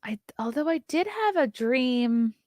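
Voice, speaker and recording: A woman's voice: sits high, big pitch swings, measured pace, darkish tone, dry recording. A woman in her thirties hosting a casual morning talk stream, reading news and answering chat comments with blunt opinions. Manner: chatty and opinionated, reacts to chat, yawns often.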